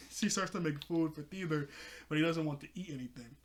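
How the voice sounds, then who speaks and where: Male reviewer, slightly higher voice, loose excitable episode recap with frequent laughs. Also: normal speed. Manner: excitable, laughs often, talks to the viewer. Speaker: cartoon reviewer.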